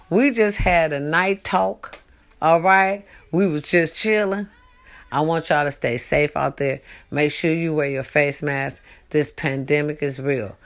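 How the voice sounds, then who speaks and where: Woman, young adult, casual chat host, lively, teasing, streetwise. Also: sits low, moderate pace. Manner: animated, teasing, streetwise and loose. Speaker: host of a casual night talk show.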